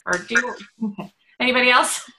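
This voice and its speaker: A woman's voice: fairly high pitch, a little slow, pushed and bright, a little hiss or hum, low-quality recording. A woman leading a casual team call, speaking in an encouraging way and using fillers often.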